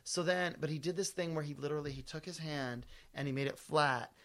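Guy with a slightly high voice, cracking crude jokes, telling a long animated story on a podcast. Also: brisk. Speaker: podcast co-host. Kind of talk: casual comedic chat.

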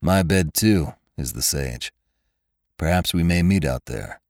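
Guy reading a bitter hot-headed young cowboy, deep, clipped, intense lines. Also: expressive, unhurried, a little mellow, no room sound, clean studio sound, full character voice.

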